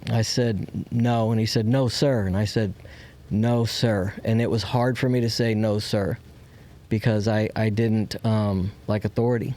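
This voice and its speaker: A man's voice: lowish voice, steady tone, measured pace, dark tone. A man candidly telling a personal story as a podcast guest. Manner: candid, acts out quoted voices.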